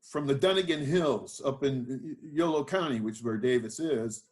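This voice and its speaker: An older winemaker is interviewed as a guest and tells his life story in a rambling, self-deprecating way, full of fillers and restarts. His mid-range voice has a darkish tone and a moderate pace.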